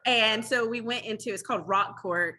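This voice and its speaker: A woman guest on a podcast interview, a former public defender, telling stories in a lively, animated way and acting out quoted lines. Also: on the high side, moderate pace. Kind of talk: casual interview storytelling.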